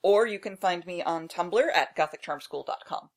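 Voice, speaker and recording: A woman's voice: fairly low pitch, normal speed. Dry-humored woman on a podcast. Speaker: podcast guest, host's younger sister. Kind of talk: casual chat.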